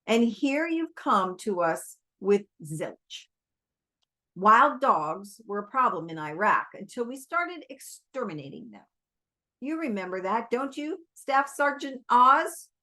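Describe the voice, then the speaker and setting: A blunt, commanding army general barks out his orders in a slow, deliberate delivery, read aloud by a woman. It sounds like an audiobook reading. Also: a little high, very animated, pushed and bright, heavily acted. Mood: curt. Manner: curt and commanding. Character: gruff blunt army general, middle-aged man.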